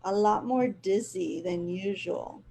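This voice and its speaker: A woman's voice: mid-range voice, takes it slowly, creaky, dark tone, breathy edge. A woman hosting a casual spiritual chat, telling a rambling personal story and laughing often. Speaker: host.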